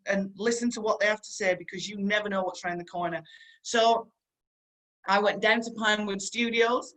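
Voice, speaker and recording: A middle-aged stunt performer and guest speaker with a broad Yorkshire accent shares stories from her working life in a motivational talk, chatty and earnest. Her voice sits at an ordinary middle pitch, steady and fairly bright, at a moderate pace, and the recording is low quality. She repeats her key advice and turns to address her listeners directly.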